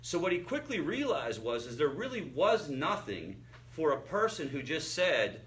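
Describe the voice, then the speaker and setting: A man's voice: on the high side, very animated, moderate pace, hardly any pauses, fairly bright tone, a little hiss or hum. A man leading a family recovery support group, teaching through stories in a conversational way, often asking the group questions and restarting his sentences.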